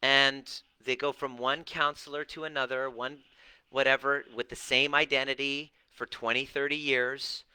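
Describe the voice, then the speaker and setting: A middle-aged man speaks to camera in a mid-range voice, bright, forceful, clear and resonant, with little pitch movement and normal speed. The recording is rough with no room sound. He answers viewers about relationships and healing, preachy and blunt, swearing and using mocking put-on voices.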